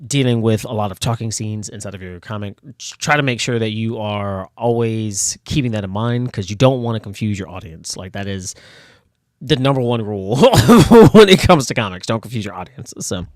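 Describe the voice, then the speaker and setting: A man's voice: on the low side, lively intonation, normal speed, no echo, studio quality. A man casually talking about and reading from his own comic, rambling with many fillers and frequent laughs while bothered by his nose. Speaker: comic artist and channel host.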